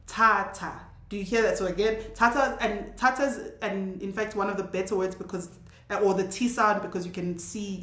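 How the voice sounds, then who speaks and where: Woman teacher, casual lesson, models sounds slowly and patiently; mid-pitched, roomy echo. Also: fairly bright tone. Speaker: language teacher. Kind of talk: casual spoken language lesson.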